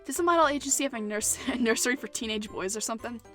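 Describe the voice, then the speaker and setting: A young woman reads a visual novel aloud, breaking off to giggle, joke and curse at the characters. Her voice is bright and sits a little high. Faint music plays underneath. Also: quick pace. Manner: giggly, swears and jokes between lines. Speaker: gaming channel host.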